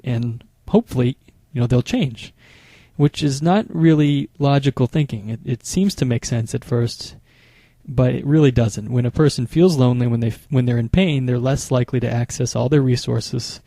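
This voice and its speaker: A man speaking as a marriage therapist, explaining calmly and methodically, often restarting his phrases. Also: medium pitch, no room sound. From United States. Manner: measured, explanatory, with frequent small restarts. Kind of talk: instructional talk to camera.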